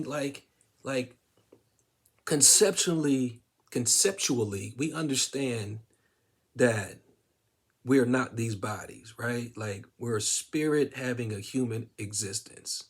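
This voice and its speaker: A man casually telling a personal story to his viewers, relaxed, with many fillers and quoted bits of dialogue. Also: medium pitch, slow, husky. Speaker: vlogger sharing a personal story.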